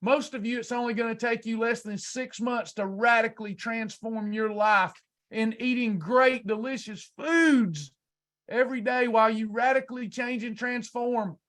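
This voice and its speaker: A man's voice: very high-pitched, steady tone, moderate pace, a bit bright. A man coaching a class on weight loss in an emphatic, preacher-like motivational speech full of rhetorical questions.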